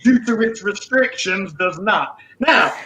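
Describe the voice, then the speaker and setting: Brash high-pitched man cracking jokes. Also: lively intonation, slow pace, sharp tone, a little hiss or hum, low-quality recording. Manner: brash, profane, teasing. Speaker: guest host. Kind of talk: comedy panel banter.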